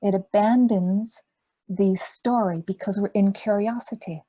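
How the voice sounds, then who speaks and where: A woman meditation teacher giving a dharma talk in a gentle, unhurried way, asking rhetorical questions. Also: medium pitch, steady tone.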